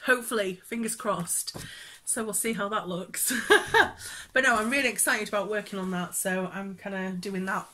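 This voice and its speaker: A woman's voice: mid-range voice, normal speed, pushed and bright, slight background noise. A woman chatting casually in a cross-stitch vlog, rambling with many fillers and frequent laughs. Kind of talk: casual chat showing stitching projects.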